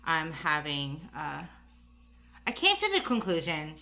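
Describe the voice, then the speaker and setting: A woman's voice: deep voice, animated, slow pace, pushed and bright. A tired, slightly breathless woman chatting casually through a makeup tutorial, rambling with lots of fillers and asides. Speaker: beauty vlogger.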